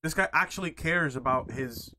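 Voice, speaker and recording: A man chatting about games in an excitable way, with plenty of filler words. His voice sits a little high and sounds bright. A faint noise hums underneath. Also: normal speed. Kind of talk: casual game-discussion chat.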